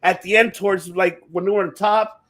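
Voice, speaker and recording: An excitable man with a fairly high voice chats casually as a show host. He swears a lot and rambles, restarting his sentences often. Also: normal speed. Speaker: podcast host. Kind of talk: casual chat about wrestling.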